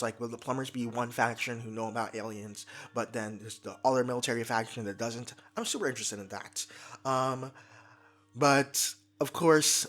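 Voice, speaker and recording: A young man giving excited, casual commentary, talking fast and tripping over his words in his eagerness. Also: mid-range voice. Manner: energetic, fast, stumbles and restarts when excited. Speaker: YouTube commentator.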